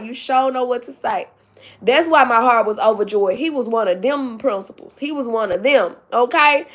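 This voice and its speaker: A woman's voice: on the high side, fairly bright tone. A woman chatting on her livestream, emphatic and tearful with joy, calling her viewers "baby" and "y'all". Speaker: YouTube vlogger. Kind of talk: casual livestream chat.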